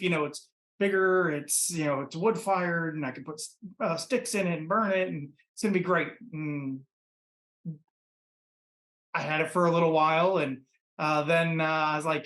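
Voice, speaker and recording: A man from Ohio, a podcast guest and pitmaster, telling his story in a relaxed, rambling way full of fillers. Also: on the high side, normal speed, reverberant. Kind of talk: casual interview storytelling. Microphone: computer mic.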